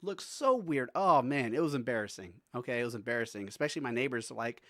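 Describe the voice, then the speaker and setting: A man's voice: mid-range voice, expressive, fast, a bit bright, no room sound, studio quality. A man streaming live, chatting casually with his viewers, laughing often and talking to his dog between stories.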